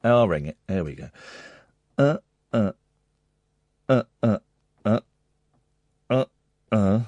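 A man hosting a late-night radio phone-in, rambling and excitable, mocking himself. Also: on the low side, slow, dry recording. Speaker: radio presenter. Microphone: studio microphone.

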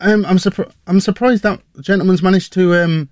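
A young man co-hosting a radio show, chatty and quick to laugh. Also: sits high, steady tone, darkish tone, no echo, studio quality. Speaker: radio co-host. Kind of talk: casual radio banter.

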